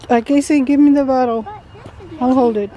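A woman's voice: high voice, fairly even intonation, moderate pace, dark tone, lo-fi sound. A woman chatting casually while hiking uphill on an outdoor trail, out of breath and laughing often, recorded on a handheld camera. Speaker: vlogger and mother. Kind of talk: casual family vlog chat mixing English and Tagalog.

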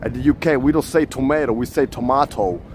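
A man's voice: medium pitch, fast, noisy background, natural voice. A man putting on a playful British accent as a cheerful tour guide. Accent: put-on British. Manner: playful, exaggerated.

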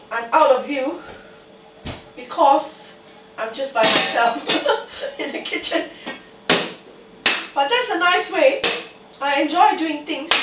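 A chatty woman with a cold shows fruit in her home kitchen, talking half to herself in a high voice at a slow, unhurried pace. She is picked up from across the room, with the kitchen's echo and a faint hiss around her. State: has a cold. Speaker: home cooking host. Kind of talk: casual kitchen demonstration. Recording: echoey kitchen, mic at a distance, faint noise.

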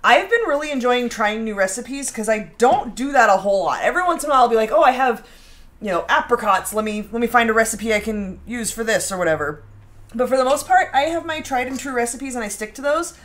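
Woman, baking stream host, casual chat, reads viewer comments, lively pitch. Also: fast talker. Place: home kitchen.

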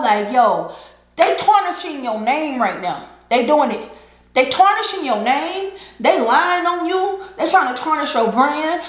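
High-voiced woman preaching her truth. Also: roomy sound. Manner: earnest, preachy, swings into laughter and slang. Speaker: vlogger. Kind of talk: casual heartfelt monologue while eating. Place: indoors at home, eating a seafood boil.

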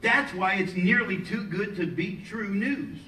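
A male pastor preaching a sermon in a church, lively and joking with the congregation between points. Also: high-pitched, a little slow, slight background noise. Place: church sanctuary. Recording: echoey hall, mic at a distance, faint ambience.

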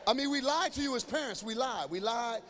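A man doing stand-up comedy with a high-pitched voice, working the crowd directly and bursting into shouts. He is middle-aged and performs live in a big church venue. The sound rings with a long echo, and there is a faint hum of ambience behind him. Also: a little fast. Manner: animated, addresses the audience directly, breaks into shouts. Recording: echoey hall with faint ambience.

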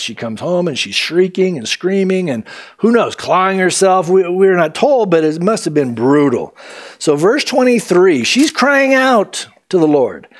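A man preaching a sermon as pastor, animated and acting out the quotes in different voices. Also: a little high.

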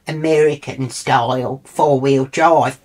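A woman's voice: a bass voice, steady tone, slow pace, darkish tone. A middle-aged woman with an Australian accent telling a comic story in a brash, foul-mouthed, indignant way. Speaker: comedic storyteller. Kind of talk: comic monologue.

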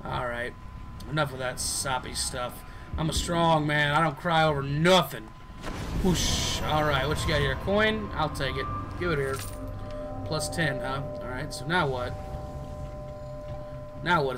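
A man's voice: on the high side, a little slow, long pauses, noisy background. A man giving casual gameplay commentary as a let's player, goofy and joking, chatting to the characters on screen. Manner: goofy, jokes and talks to game characters.

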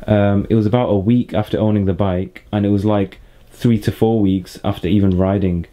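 Chill young dude vlogging, lowish voice, rambly and relaxed. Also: male voice, moderate pace. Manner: chatty, laid-back, rambling with fillers. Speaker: motorcycle vlogger. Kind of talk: casual vlog chat to camera.

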